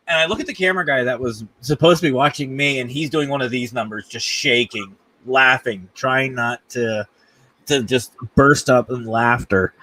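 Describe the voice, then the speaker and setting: A man hosting a casual talk show, telling a funny story in an animated, jokey way and acting out voices. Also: medium pitch, normal speed, a little hiss or hum. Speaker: podcast host.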